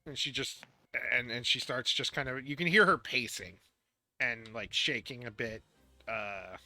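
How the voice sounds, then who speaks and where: A man narrating as game master in a tabletop game, halting and restarting his phrases. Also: mid-range voice, pushed and bright, no echo, faint music behind.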